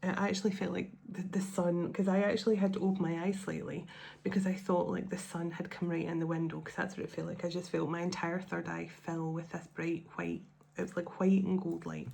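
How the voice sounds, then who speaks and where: A woman's voice: lowish voice, flat delivery, fairly quick, gravelly, dark tone, slight background noise. A woman hosting a spiritual tarot channel, talking to her viewers at home in a casual, heartfelt and emotional way, often restarting her sentences. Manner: emotional, rambling, with many restarts.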